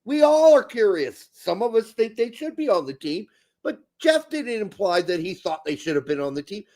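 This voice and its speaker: High-voiced ranting podcast host, a man. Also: big pitch swings, moderate pace, darkish tone. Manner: ranting, profane, sarcastic. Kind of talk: casual chat.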